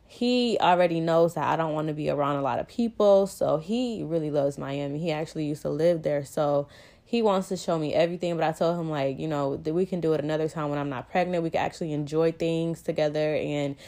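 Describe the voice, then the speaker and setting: A woman's voice: low-pitched, brisk, mellow. A young pregnant woman vlogging to her viewers in a casual, rambling way, often out of breath and full of "like" and "you know".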